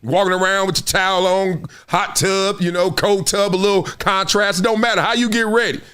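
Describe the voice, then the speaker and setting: A man hosting a casual commentary show, profane and animated, who keeps acting out little scenes. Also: sits high, fairly quick, clear, resonant tone. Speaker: host.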